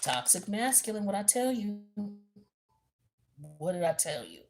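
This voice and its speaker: A woman giving a blunt, animated tarot reading in a casual, profane, slangy way. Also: medium pitch, measured pace, a little hiss or hum. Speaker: tarot reader.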